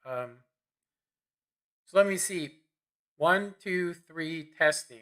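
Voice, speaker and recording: A man streaming a tank game, rambling casually and clearing his throat as he fiddles with his microphone. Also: fairly high pitch, takes it slowly, pauses often, pushed and bright. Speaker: gaming streamer. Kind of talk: casual live-stream commentary. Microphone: desk microphone.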